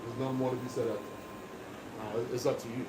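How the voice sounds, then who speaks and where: A man's voice: mid-range voice, little pitch movement, fast talker, recorded from a distance. A man talking casually while he works as a barber, speaking in an emphatic, lecturing monologue. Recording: echoey room with background noise.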